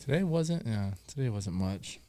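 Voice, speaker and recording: A man's voice: lowish voice, animated, moderate pace, dark tone, dry recording. Man chiming in with teasing asides. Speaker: podcast co-host. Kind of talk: casual chat.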